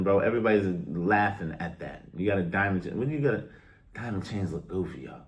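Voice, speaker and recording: A young man with a somewhat low voice vents to his viewers in a loose, casual rant. He is blunt and exasperated and leans on street slang and direct address. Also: a little fast. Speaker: vlogger.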